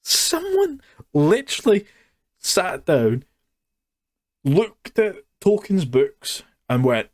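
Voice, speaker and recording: A man ranting through a sarcastic, mocking review at an unhurried pace. His voice sits at a middle pitch. The recording is dry and close. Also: a little mellow, no echo. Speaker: YouTube reviewer.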